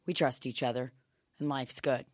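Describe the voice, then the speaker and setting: Deep-voiced woman co-host, wry and offhand, close and dry. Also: steady tone, moderate pace, no room sound. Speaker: comedy podcast co-host. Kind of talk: casual comedy banter.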